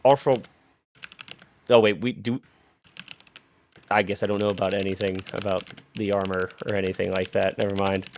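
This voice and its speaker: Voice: low voice, level tone, moderate pace, long pauses, darkish tone. A player in a tabletop role-play session, chatty and offhand.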